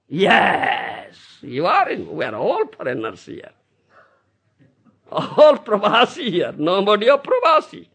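Gravelly, high-voiced man lecturing slowly. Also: sharp tone. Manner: keeps asking the room "you understand?"; emphatic, repeats key phrases. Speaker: spiritual teacher. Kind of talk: scripture lecture. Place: Brisbane, Australia.

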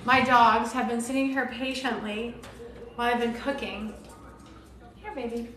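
A woman's voice: on the high side, steady tone, normal speed. A woman from Arizona and Maui chatting casually and flirtatiously as she cooks on a live stream, greeting viewers by name. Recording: echoey room with loud background music.

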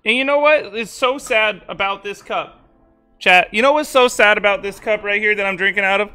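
A man's voice: high voice, normal speed, sharp tone, clear, resonant tone. A young man live-streaming in a casual, rambling way, exasperated and stammering through restarts as he talks to his chat.

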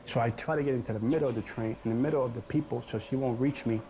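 A man's voice: mid-range voice, rapid-fire, noisy background. A man giving an earnest, dramatic personal testimony about his past. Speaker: testimony speaker. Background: music.

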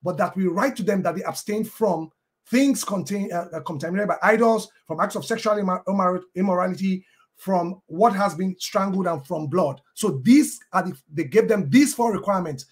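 A man arguing in a formal debate, quoting scripture at length and pausing often with ums and uhs. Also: sits high. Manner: halting, with many ums and uhs and restarts.

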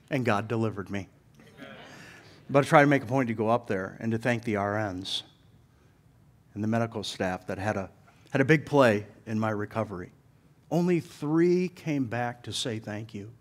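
A middle-aged man preaching a sermon in a church, telling funny stories with lively acted-out voices and laughter. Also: lowish voice, normal speed. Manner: animated storyteller, laughs while telling, acts out voices. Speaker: pastor. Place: church sanctuary.

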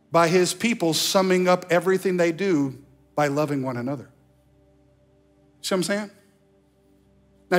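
High-voiced animated male preacher. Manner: animated preaching with sudden pitch jumps and mock voices; slows down for emphasis on key phrases. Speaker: pastor. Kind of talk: sermon. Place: church sanctuary.

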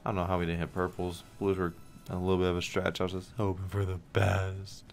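A man's voice: deep voice, monotone, fast, a little hiss or hum. A young man streaming slot games, talking casually to the game and his viewers, swearing, pleading and sarcastic. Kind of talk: casual gambling stream commentary.

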